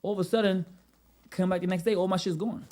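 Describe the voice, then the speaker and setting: Podcast guest: Brooklyn man, New York accent, 30s, animated storyteller, slangy. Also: sits high, fast. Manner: animated storyteller, street slang, frequent "you know what I'm saying". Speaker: podcast guest, rental business owner. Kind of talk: casual podcast conversation.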